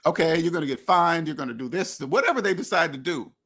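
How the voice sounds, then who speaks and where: A finance podcast host talks fast in a slightly high, somewhat bright voice with a breathy edge. His casual monologue is blunt and preachy, featuring acted-out imaginary conversations and some profanity.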